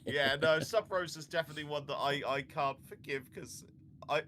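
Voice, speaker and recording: Brief: UK male co-host, higher voice, bright and forceful, crude laughing banter. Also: fairly even intonation, a little fast. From United Kingdom. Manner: laughing, swearing, joking banter. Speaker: podcast co-host. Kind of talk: casual chat.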